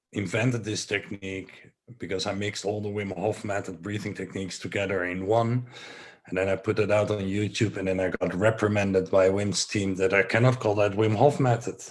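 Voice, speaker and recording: A man from the Netherlands leading a guided breathing session, giving slow, soothing instructions with some relaxed, rambling asides. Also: deep voice. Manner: relaxed, rambling, self-joking.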